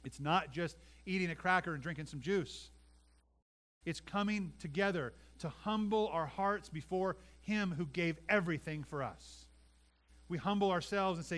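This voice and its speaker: A man's voice: a little high, expressive, moderate pace, a bit bright. A man preaching a sermon as pastor, emphatic, often asking "right?" and repeating words, acting out quoted voices with big swings in volume.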